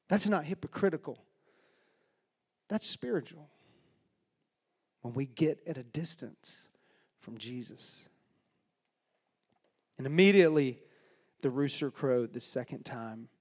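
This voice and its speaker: The long reverb of a church hall surrounds a pastor's mid-range, slightly breathy voice as he delivers a sermon in the sanctuary. He recounts a story with dramatic, folksy flair.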